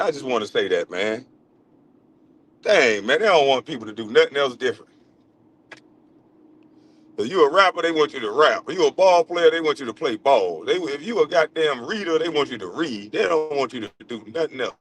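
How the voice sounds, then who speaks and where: A man's voice: medium pitch, sing-song, fairly quick, a bit bright. A middle-aged man, talking loosely and playfully to his viewers in a casual vlog. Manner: loose, playful, talks to viewers, swears freely. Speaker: vlogger.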